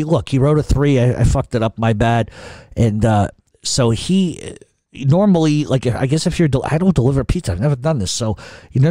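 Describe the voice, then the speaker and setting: A man's voice: medium pitch, dark tone, no echo. A middle-aged man telling a long story in casual, rambling, profane talk full of restarts. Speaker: podcast host telling a story.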